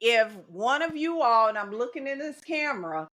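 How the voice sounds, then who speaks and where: A middle-aged woman talks in a relaxed podcast chat. Her voice is bright and sits a little high. She speaks with emphasis and comes back to the same phrases to drive her points home. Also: moderate pace. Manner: emphatic, repeats key phrases. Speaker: teacher and guest. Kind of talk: casual podcast conversation.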